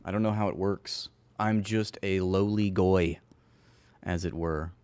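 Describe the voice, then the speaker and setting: A man hosting his own commentary show, speaking in a sarcastic, mocking tone. His voice sits on the low side and sounds dry and close, with no room around it. He laughs now and then at his own jokes. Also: fairly even intonation, moderate pace, darkish tone, clear, resonant tone, no echo. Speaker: political commentary host. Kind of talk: casual commentary.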